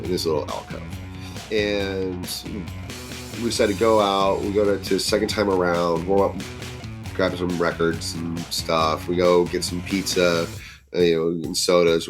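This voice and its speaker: Lowish-voiced man telling a spooky story. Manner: lively, acts out others' lines in a raised voice. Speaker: podcast guest storyteller. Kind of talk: casual spoken storytelling.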